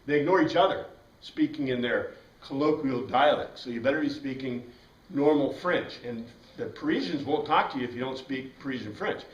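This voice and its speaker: A man teaching a Bible class, lecturing in an animated way and asking the class questions. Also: mid-range voice, normal speed, lo-fi sound. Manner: animated, asks the class questions, frequent "right?". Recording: echoey room, from a distance.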